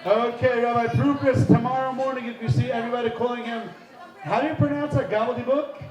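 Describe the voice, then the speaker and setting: A man hosting a live quiz game at a party, energetic and playful, shouting out countdowns to the crowd. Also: very high voice, fast talker. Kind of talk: lively live event hosting. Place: large indoor party hall. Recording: echoey hall with music and crowd.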